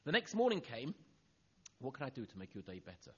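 A middle-aged man preaching a sermon, telling a personal story and acting out the dialogue, going soft and low on the tender lines. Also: wildly swooping pitch, fairly quick, husky, highs cut off.

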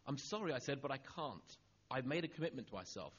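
A middle-aged man preaching a sermon, telling a personal story and acting out the dialogue, going soft and low on the tender lines. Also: very animated, quick pace, slightly rough, highs cut off.

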